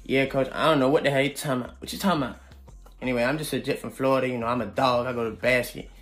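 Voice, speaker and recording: A man's voice: medium pitch, fairly even intonation, very fast, fairly bright tone, faint music behind. A man playing laid-back players introducing themselves in shifting slang for a comedy sketch.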